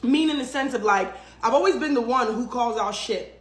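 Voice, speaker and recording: A woman's voice: on the high side, moderate pace, echoey room. A woman telling a story in a casual vlog, dramatic and blunt, with plenty of swearing. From United States. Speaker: storytelling vlogger.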